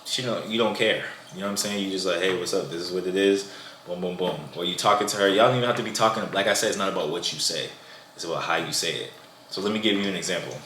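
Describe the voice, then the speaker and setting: A man's voice: sits low, racing, sharp tone, reverberant, a little hiss or hum. A man casually giving dating advice to the camera, loose and conversational, often asking "you know what I'm saying".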